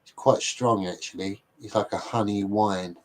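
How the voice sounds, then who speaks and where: An English man hosts a relaxed livestream and chats with his viewers in a rambling, blokey way. His voice sits a little low, and he pokes fun at himself as he goes. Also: normal speed. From England. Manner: rambling, self-deprecating, blokey. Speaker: livestream host. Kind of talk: casual chat with viewers.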